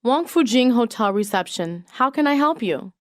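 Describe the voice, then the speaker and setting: A woman reading isolated English practice sentences for a lesson, in a measured, even way. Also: a little high, no room sound, studio quality.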